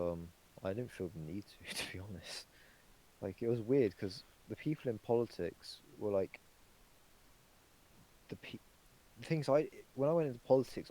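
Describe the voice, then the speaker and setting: On a podcast, a young male co-host chats casually in a low-pitched, mellow voice, rambling with lots of fillers and curse words. The recording is rough.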